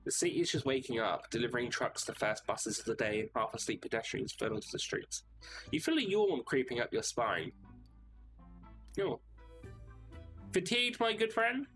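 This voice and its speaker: A man's voice: medium pitch, animated, a little fast, fairly bright tone. A male streamer reading the narration of a story game aloud and chatting casually in between, over faint music. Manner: reads game text, chats casually between.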